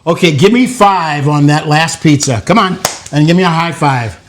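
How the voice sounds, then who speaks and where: An older man with a notably high voice hosts a relaxed home cooking show. He coaxes and cheers on children as they work, in a playful, encouraging way. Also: normal speed, slight background noise. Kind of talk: casual cooking demonstration with kids.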